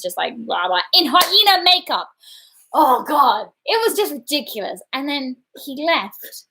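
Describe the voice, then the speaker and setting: A woman's voice: on the high side, animated, unhurried, pushed and bright. A woman chatting casually on a livestream, telling an embarrassing story with lots of fillers and self-deprecation. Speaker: livestream host.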